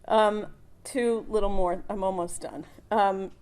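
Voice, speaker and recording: A woman's voice: medium pitch, steady tone, slow pace, darkish tone, clear, resonant tone. A middle-aged woman, a daughter, giving a eulogy at a funeral service, speaking fondly and often laughing between memories.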